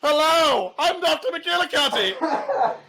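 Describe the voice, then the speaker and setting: A man voicing a manic male doctor contestant who shouts and laughs wildly. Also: extremely high pitch, expressive, takes it slowly, soft background music, heavily acted, rough recording.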